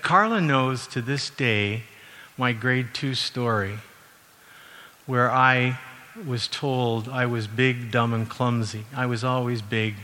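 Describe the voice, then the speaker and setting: A middle-aged man from Canada preaching a sermon in a relaxed, conversational way, with frequent fillers and self-corrections. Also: mid-range voice. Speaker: university president and former minister. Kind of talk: sermon with personal anecdotes. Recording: long reverb from a large hall.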